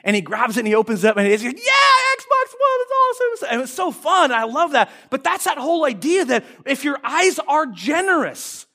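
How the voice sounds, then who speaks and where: A man in his forties preaching a sermon in a church, telling family stories in an animated way and acting out excited children in loud bursts. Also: extremely high pitch, brisk, hardly any pauses, breathy edge. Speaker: pastor.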